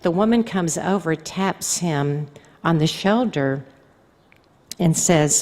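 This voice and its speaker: A religious sister gives a conversational storytelling talk to a convention audience in a large hall, acting out quoted speech as she goes. Her voice is fairly low, unhurried and darkish in tone, and the recording carries the reverberance of the hall.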